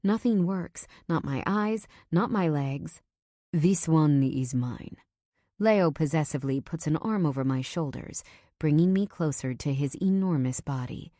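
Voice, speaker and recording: A woman reading a first-person audiobook in a tense, measured storytelling manner. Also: sits low, warm tone, no room sound, clean studio sound. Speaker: narrator.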